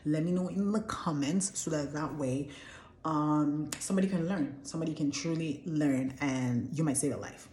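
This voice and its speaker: A young Nigerian woman recounts a story for her vlog with animated, exclamatory delivery. Her voice is low and mellow. The room around her adds a noticeable echo. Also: normal speed. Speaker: vlogger. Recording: roomy echo.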